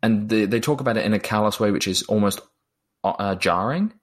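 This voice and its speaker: A man's voice: lowish voice, a little fast. A man talking through a film in a casual chat, thoughtful and a little hesitant, often repeating words. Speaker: film reviewer.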